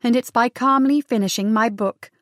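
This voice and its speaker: A woman voicing a fierce, defiant young writer, speaking sharply and forcefully. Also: fairly high pitch, moderate pace, no echo, studio quality, natural voice.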